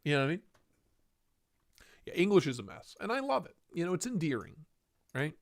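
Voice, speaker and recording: A man's voice: fairly high pitch, sing-song, fairly quick, no room sound, clean studio sound. A man hosting a casual livestream, joking and reading chat aloud in a playful way. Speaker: livestream host.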